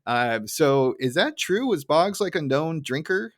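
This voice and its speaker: A man's voice: a little high, very animated, unhurried. Easygoing man chatting on a podcast. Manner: easygoing, lots of fillers and chuckles. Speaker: podcast co-host. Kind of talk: casual chat recapping a TV episode.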